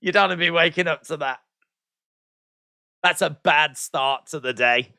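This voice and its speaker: Running a live watch-along stream, this host chats loosely and reads out viewer comments, firing back with teasing, playful humor. His voice is a little high, bright, and forceful, with vocal fry and a clean tone, at a moderate pace in a dry, studio-quality recording.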